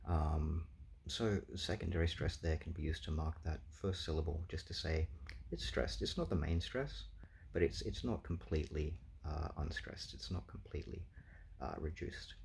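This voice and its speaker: A man's voice: extremely low pitch, normal speed, creaky, darkish tone, slight background noise. A man thinking aloud through a language guessing game, explaining sounds with many ums and uhs. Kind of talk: casual explanatory commentary.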